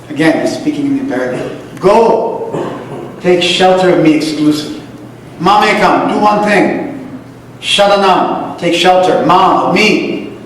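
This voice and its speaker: A high-voiced man from the United States lectures on scripture with emphatic repetition, now and then chanting Sanskrit lines. He sounds distant from the mic, and his voice rings through a large hall with a long, echoey reverb. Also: a little slow, a little hiss or hum. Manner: emphatic, repeats key phrases, chants Sanskrit verses. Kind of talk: religious lecture.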